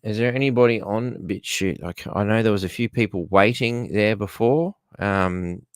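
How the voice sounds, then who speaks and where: A man's voice: lowish voice, moderate pace, clean tone, no echo, clean studio sound. An Australian man hosting a casual live stream from home, chatting loosely and greeting viewers by name. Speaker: livestream host.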